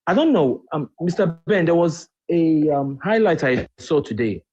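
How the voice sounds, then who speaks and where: A man with family from Nigeria who lives in the UK calls in to a live talk stream, indignant and throwing out rhetorical questions. His voice is on the high side, animated, a little mellow and husky, at a moderate pace. The call audio is muffled and lo-fi.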